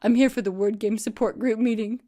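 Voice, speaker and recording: A woman voicing a distraught, tearful woman who plays word games, pleading and high-strung. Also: fairly even intonation, brisk, mellow, lightly acted. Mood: sobbing.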